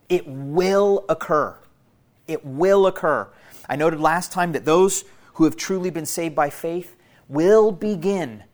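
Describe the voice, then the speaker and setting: A man preaching a sermon to his church in an earnest, teaching manner, repeating key phrases for emphasis and speaking to listeners as family. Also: on the high side. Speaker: pastor.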